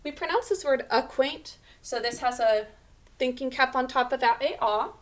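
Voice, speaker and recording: A woman's voice: sits high, expressive, moderate pace. A woman teaching a remote spelling lesson to children, patiently sounding out words letter by letter.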